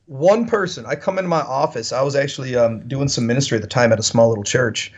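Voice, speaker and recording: A man, a podcast guest, telling animated stories with lots of "like" fillers. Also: medium pitch, fast talker, breathy edge, dull audio. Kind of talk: casual storytelling.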